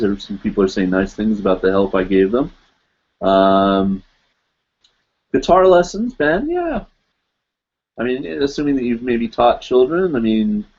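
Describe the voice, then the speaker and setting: A man's voice: on the low side, darkish tone, breathy edge, highs cut off. A man hosting a casual live stream, answering viewer questions and reading comments aloud in a rambling, easygoing way.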